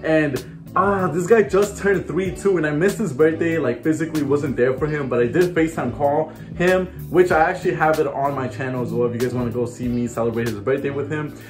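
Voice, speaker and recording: A man's voice: fairly high pitch, brisk, reverberant, over music. A man in his twenties from Chicago, vlogging in a chatty, emotional way straight to his viewers at home. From Chicago, USA. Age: 20s. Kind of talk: casual vlog talk to camera. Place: his home, indoor rooms.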